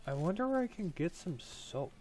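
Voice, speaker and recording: A man's voice: high voice, big pitch swings, moderate pace, darkish tone. A young man playing a game on video and reading its text aloud, with jokey, rambling asides. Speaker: gaming video host.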